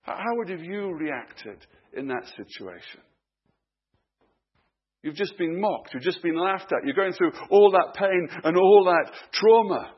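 Man preaching a sermon, husky voice, shifts from hushed emphasis to urgent questions, muffled lo-fi recording. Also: high voice, lively intonation, a little slow.

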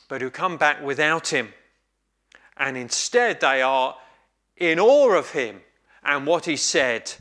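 A man preaching a sermon, telling a story in a measured, reflective way with pauses. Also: on the high side, bright, forceful tone.

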